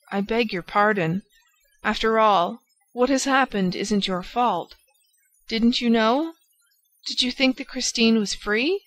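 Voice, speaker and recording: A woman's voice: fairly high pitch, fairly bright tone. A woman voicing a cheerful, affectionate old lady in an audiobook, speaking gaily and fondly. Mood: chiding. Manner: gay, affectionate, chiding. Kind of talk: audiobook character voice.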